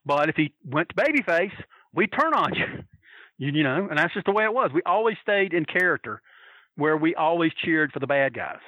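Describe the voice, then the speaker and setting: A man telling wild anecdotes in a casual, profane, animated way, acting out other people's voices and laughing as he goes. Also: a little high, a little fast, dry recording, muffled recording. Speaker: storyteller guest.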